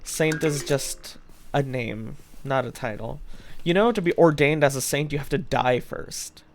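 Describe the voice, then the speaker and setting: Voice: mid-range voice, a little slow. A young adult streamer chatting casually with viewers while gaming, joking dryly and swearing now and then. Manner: chats to viewers while playing.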